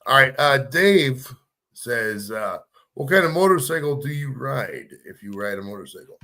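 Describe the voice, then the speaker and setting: A man's voice: medium pitch, lively intonation, normal speed, sharp tone. A man hosting a podcast, rambling and joking in a crude, profane way. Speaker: podcast host. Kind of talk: casual crude banter.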